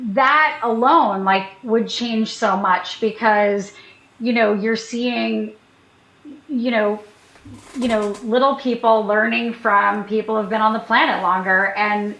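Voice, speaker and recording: Fairly high-voiced woman guest, chatty and quick to laugh, roomy echo around her. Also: fairly even intonation, a bit bright. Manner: chatty, laughs often, acts out quoted lines. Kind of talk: casual chat.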